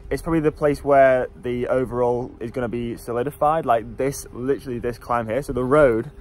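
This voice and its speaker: A man's voice: medium pitch, steady tone, brisk, low-quality recording. A young man chatting casually to camera as he vlogs a cycling trip outdoors on a mountain road, joking and teasing his friend. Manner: chatty and jokey, loud whoops while riding. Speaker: cycling vlogger. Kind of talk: casual vlog chat.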